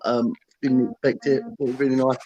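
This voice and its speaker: Halting man on a dull remote line. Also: mid-range voice, level tone, dark tone, husky. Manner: halting, lots of fillers. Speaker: guest. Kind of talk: casual livestream chat.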